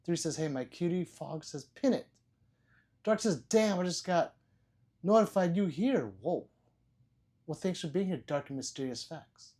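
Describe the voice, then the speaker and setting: Joking livestream host reading chat aloud. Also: male voice, on the high side, expressive, measured pace, pauses often, darkish tone, breathy edge. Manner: reads viewer chat aloud, joking and laughing; loose and profane.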